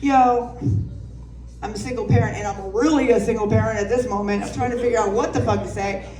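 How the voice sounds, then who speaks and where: Woman comic on stage, kinda high voice, swears a lot, sounds roomy and far off. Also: steady tone, a little fast, a little mellow, soft background music. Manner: brash, profane, storytelling with laughs. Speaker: stand-up comedian. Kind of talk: stand-up comedy set. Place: comedy club stage. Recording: roomy sound from a distant mic.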